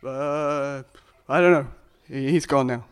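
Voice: medium pitch, steady tone, slow, clean tone, voice pushed down, close to an everyday voice. A preacher retelling a scripture story in pub style, voicing a sheepish, stammering man who has just been healed. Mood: flustered. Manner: hesitant, stammering.

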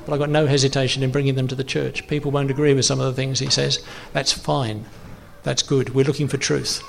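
Gravelly-voiced man preaching casually. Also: mid-range voice, flat delivery, a little fast, a little hiss or hum. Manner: conversational, rambling with many fillers and restarts. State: runny nose. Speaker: pastor. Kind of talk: sermon.

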